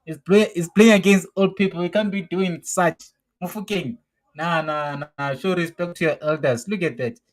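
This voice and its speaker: A young South African man hosts a live football watch-along, reacting as the match unfolds. He talks excitably, repeats his exclamations and keeps circling back to the same phrases. His voice sits a little high for a man. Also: normal speed, poor audio. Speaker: football show host.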